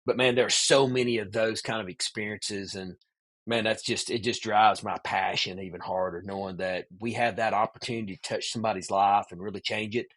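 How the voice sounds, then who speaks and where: A man's voice: on the low side, fairly quick. A man, a podcast guest, casually telling a long story with lots of "man" asides. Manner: animated storyteller, peppers speech with "man".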